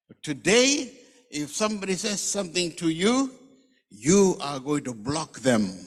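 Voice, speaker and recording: A man's voice: on the high side, animated, unhurried, long pauses. A man preaching a conversational sermon as a pastor, telling rambling jokes and stories before reading scripture aloud. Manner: rambling, joking storyteller who reads scripture aloud. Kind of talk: conversational sermon with humorous asides. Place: church hall. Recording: long church hall reverb.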